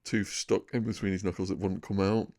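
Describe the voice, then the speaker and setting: A man in his fifties with a northern English accent and a somewhat low voice, spinning lively stories as a podcast guest. He tells his anecdotes loosely and often laughs at them himself. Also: a little fast. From England. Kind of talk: casual storytelling interview.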